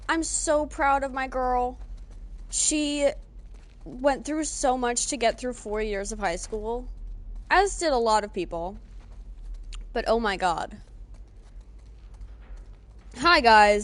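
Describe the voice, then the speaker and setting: A woman streaming live, chatting casually and excitedly greeting her viewers. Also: on the high side, takes it slowly, pauses often. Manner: excitable, greets chat warmly.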